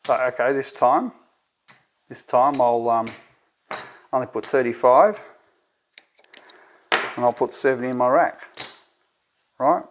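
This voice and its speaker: A man's voice: mid-range voice, takes it slowly, long pauses, background noise. Australian man talking through a tutorial. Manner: thinks aloud, keeps asking "right?". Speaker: gambling strategy presenter. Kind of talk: tabletop game tutorial.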